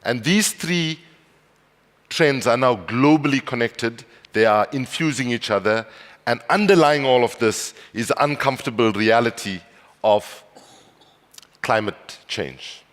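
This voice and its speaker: A man's voice: mid-range voice, unhurried, a bit bright. A man from South Africa giving a conference speech, telling anecdotes with wry humor and building to emphatic passion. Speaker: speaker. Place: large conference hall. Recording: long hall reverb.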